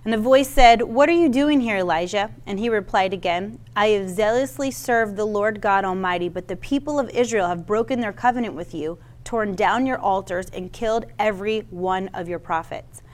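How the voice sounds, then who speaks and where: A woman's voice: medium pitch, normal speed, hardly any pauses. Brief: woman preacher, reads scripture aloud then teaches, casual asides, trips on old names. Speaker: Bible teacher. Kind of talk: sermon with Bible reading.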